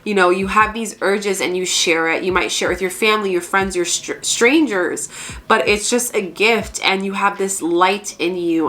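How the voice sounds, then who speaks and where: A woman's voice: on the low side, a bit bright. Gushing young woman spiritual coach. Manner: gushing, earnest, repeats itself, speaks to viewers as family. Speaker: spiritual coach and channel host. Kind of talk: casual talk to camera.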